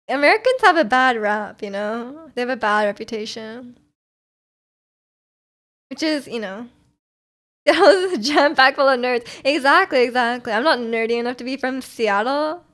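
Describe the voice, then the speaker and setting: A Canadian woman streamer chats casually while reading viewer comments, bubbly and giggly and often restarting her sentences. Her voice is high-pitched and a bit bright.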